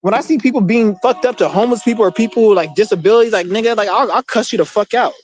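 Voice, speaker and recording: A man's voice: sits high, rapid-fire, low-quality recording. A man vlogging in casual chat, rambling and swearing a lot and often restarting his sentences.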